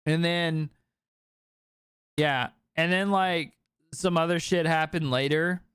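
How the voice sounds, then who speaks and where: Smooth-voiced young man telling a story. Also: a little high, slow pace, no room sound, studio quality. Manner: animated, profane, heavy filler words. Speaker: podcast speaker. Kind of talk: casual storytelling chat.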